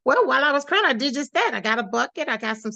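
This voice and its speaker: A woman guest on a podcast, telling a personal story in a lively, animated way, acting out the voices of the people she quotes. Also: high voice, fast talker, gravelly. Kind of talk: storytelling in a casual interview.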